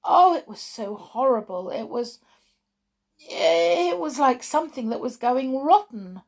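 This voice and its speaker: An earnest, pleading little boy who has been turned into a mouse, as a woman reads him. His voice sits higher than hers, with a gravelly edge underneath, and his words come out urgent. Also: very animated, measured pace, heavily acted. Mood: upset.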